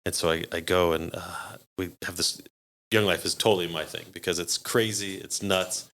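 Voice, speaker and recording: A man's voice: low voice, normal speed, a little hiss or hum. A man, a podcast guest, telling stories in a casual way and acting out the people he quotes. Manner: animated, acts out quoted voices with laughs. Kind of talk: casual storytelling.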